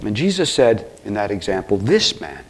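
A man preaching an expository sermon, earnest, with self-corrections and asides, swinging from hushed near-whispers to loud, emphatic exclamations. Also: fairly low pitch, sing-song, normal speed, slight background noise. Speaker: pastor.

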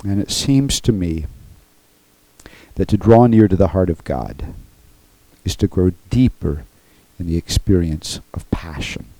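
A male pastor delivers a sermon in a low, mellow voice that stays earnest and emphatic. He keeps checking in with his congregation between points. The sound is dry and close. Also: expressive, unhurried, no room sound, rough recording.

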